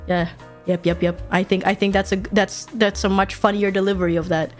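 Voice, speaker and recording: A woman streamer chatting casually while she draws, animated, swearing freely and laughing often. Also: mid-range voice, fairly quick, soft background music. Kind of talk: casual chat while drawing.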